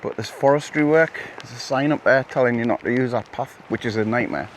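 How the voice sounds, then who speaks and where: A man's voice: medium pitch, brisk, a little hiss or hum. A middle-aged man talking to his camera as he walks woodland paths, rambling with jokey asides. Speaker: vlogger. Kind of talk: casual vlog talk to camera. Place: outdoors on woodland and coastal paths.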